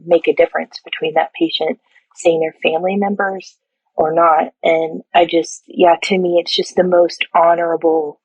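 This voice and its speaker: Husky middle-aged woman telling stories. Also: on the low side, normal speed, no room sound, highs cut off. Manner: lively, laughing, acts out quotes. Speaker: surgical technologist and educator, guest. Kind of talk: animated storytelling in a podcast interview.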